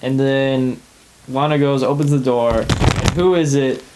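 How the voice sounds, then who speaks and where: A man co-hosting a relaxed podcast, retelling scenes with animated energy and jumping into characters' lines. His voice sits at an ordinary middle pitch, and a faint hiss runs under the recording. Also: unhurried. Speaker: podcast co-host. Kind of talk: casual chat.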